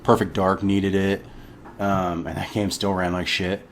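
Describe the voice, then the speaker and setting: Male co-host, very deep voice, laid-back, lots of "mm-hmm" agreement. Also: flat delivery, a little slow, slight background noise. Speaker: podcast co-host. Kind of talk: casual chat.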